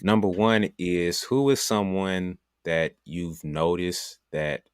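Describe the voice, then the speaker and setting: A man with a very low voice hosts a podcast interview in a relaxed, casual way, now and then groping for the right word. The sound is dry and close. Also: takes it slowly, clear, resonant tone, no room sound. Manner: relaxed, searching for words. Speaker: podcast host.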